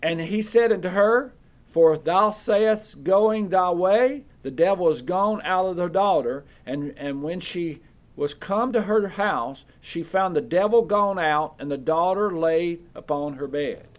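A man's voice: high-pitched, measured pace, lo-fi sound. A man preaching a Bible study sermon, reading verses aloud and checking in with his listeners with "okay?".

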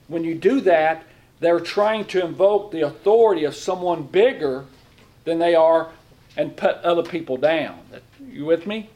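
Middle-aged man, lay preacher, folksy sermon delivery, slightly high voice, keeps asking the congregation questions. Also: a little mellow. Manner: folksy, asks the room questions; speaks in plain, informal grammar. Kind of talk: conversational sermon.

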